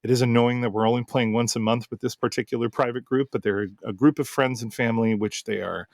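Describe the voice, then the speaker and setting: Male game master and podcast host, gravelly, dry close sound, rambling casual storytelling. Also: mid-range voice, fairly even intonation, fast, darkish tone, dry recording. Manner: rambling, full of fillers and restarts.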